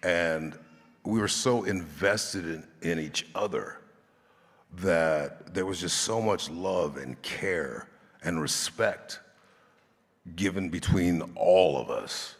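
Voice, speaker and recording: A man being interviewed on a convention stage, telling stories from his acting work with a relaxed, laughing manner. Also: sits low, slow, slightly rough. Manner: relaxed storyteller, laughing often. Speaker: actor guest on a panel. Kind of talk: anecdotal storytelling. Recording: reverb of a large hall.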